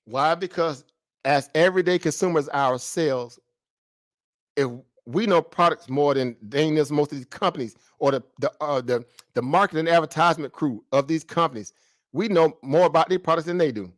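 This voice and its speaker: Animated man riffing on stocks. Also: on the high side, normal speed, no room sound, studio quality. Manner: rhetorical questions, slangy and animated, mimics traders. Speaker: market commentary host. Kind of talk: casual stock market commentary.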